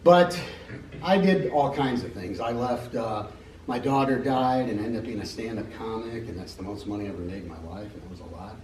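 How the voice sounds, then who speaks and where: A man's voice: on the low side, fairly quick, a little mellow, slight background noise. A middle-aged American man giving an unscripted personal testimony at a church meeting, rambling and joking as he tells stories. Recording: echoey hall from a distance.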